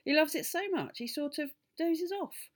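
Excitable little old country doctor, mischievous, pitches up high and gets loud, read by a woman. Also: normal speed. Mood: genial, conspiratorial. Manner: animated, rising to loud indignant bursts.

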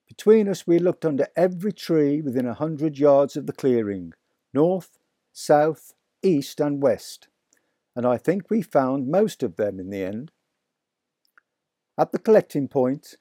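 Slow, mellow male storyteller. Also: on the high side, no echo, studio quality. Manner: slow, deliberate, vivid storytelling. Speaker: audiobook narrator. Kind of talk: expressive storybook reading.

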